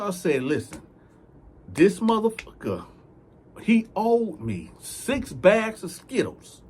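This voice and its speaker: High-pitched male storyteller, emphatic and profane, who acts out his characters. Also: big pitch swings, slow, breathy edge. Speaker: storyteller, channel host. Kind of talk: animated prison storytelling.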